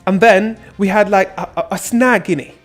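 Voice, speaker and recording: A man's voice: high-pitched, moderate pace, soft background music, pitched above the performer's own voice, lightly acted. A man voicing a swaggering young British street-slang man who boasts and ends his lines with tag questions.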